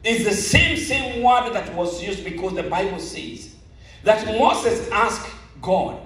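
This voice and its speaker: High-voiced pastor preaching in an echoing hall. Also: male voice, animated, fairly bright tone. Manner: slow, emphatic preaching with repeated phrases. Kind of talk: sermon. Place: large auditorium. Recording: very echoey hall, mic at a distance.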